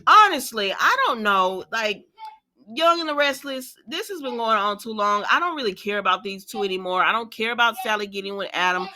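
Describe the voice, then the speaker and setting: A woman's voice: fairly high pitch, brisk. A woman casually recapping soap opera episodes, chatty and talking straight to her viewers with frequent asides. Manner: talkative, addresses viewers as y'all, frequent asides; lively, acts out quoted lines with laughs.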